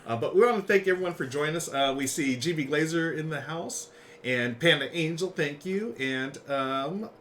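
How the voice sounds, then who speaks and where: A man's voice: fairly high pitch, expressive, moderate pace, a bit bright, a little hiss or hum. A man co-hosting a livestream about a board game, chatting casually with a partner and viewers, often laughing. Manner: chatty, laughing, talks with mouth full. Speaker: game show co-host.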